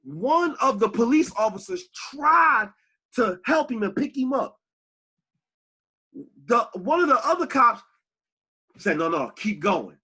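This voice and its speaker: Male podcast co-host, bright husky voice, very lively pitch, heated and profane. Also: slow pace, pauses often. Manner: animated, profane, rises to shouts when angry. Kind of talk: heated casual podcast talk.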